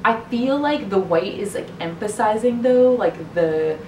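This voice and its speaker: A homestead vlogger talks in a hushed nighttime tone as she paints her living room, musing aloud with lots of "like." Her mid-range voice is animated but measured in pace, with slight background noise.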